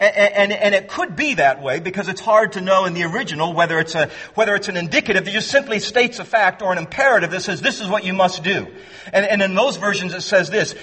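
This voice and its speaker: High, bright-voiced preacher man in a hall. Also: husky. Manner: earnest, emphatic, repeats words as he restarts; slows down to stress key phrases. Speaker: pastor. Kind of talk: expository sermon. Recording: long hall reverb.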